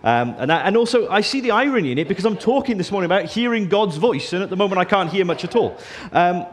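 A man's voice: sits high, lively intonation, fast. A man, a father in his thirties, preaching a sermon to his church in a conversational way with frequent ums. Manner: conversational, warm and self-deprecating, with frequent ums. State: deaf in his left ear this morning.

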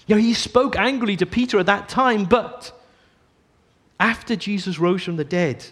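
A man preaching a sermon, earnest, often dropping to a soft hush on key phrases. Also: sits high, moderate pace.

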